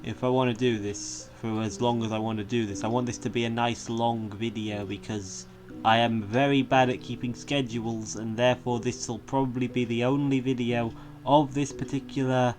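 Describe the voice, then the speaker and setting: A man giving casual let's-play commentary on a game, chatty and rambling, wandering off on amused tangents. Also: medium pitch. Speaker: gaming video creator.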